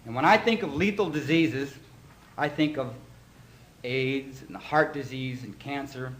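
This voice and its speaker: A man giving a personal testimony at a recovery meeting, telling his story with animated emotion in front of an audience that laughs along. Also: mid-range voice, a little slow. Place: meeting hall before an audience. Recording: echoey hall, faint room noise.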